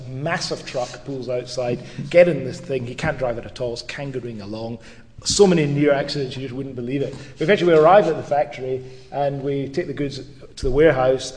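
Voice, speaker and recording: A middle-aged man giving a public lecture as a brisk storyteller with lively asides. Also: medium pitch. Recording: reverberant lecture hall.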